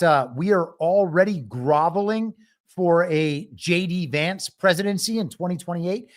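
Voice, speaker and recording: Guy doing a solo political livestream, kinda high voice, sarcastic and argumentative. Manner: wry, argumentative, laughs at own jokes. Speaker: political commentary host. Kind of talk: live solo commentary stream.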